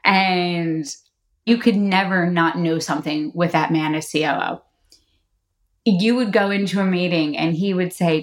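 Middle-aged woman, slightly low pitch, animated anecdotal podcast guest. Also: unhurried. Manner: animated storyteller, laughs often, acts out quotes. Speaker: marketing executive guest. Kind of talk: casual podcast interview.

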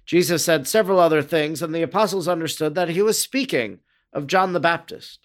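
A man reading a religious narrative aloud in a measured, earnest way, lifting his voice for the quoted speech. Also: fairly high pitch. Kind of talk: scripted narration of a religious text.

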